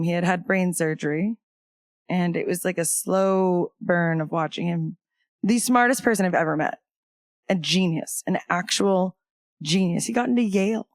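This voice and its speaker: A woman's voice: on the low side, no room sound. A woman guest on a podcast telling a personal story of loss in casual conversation, candid, with wry humor breaking through the grief.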